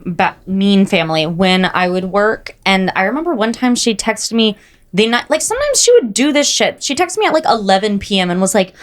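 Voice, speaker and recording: A young woman co-hosting a podcast, telling stories in animated casual chat, full of "like" and "oh my God". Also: medium pitch, brisk. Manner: animated storytelling, frequent "like" and "oh my God". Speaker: podcast co-host.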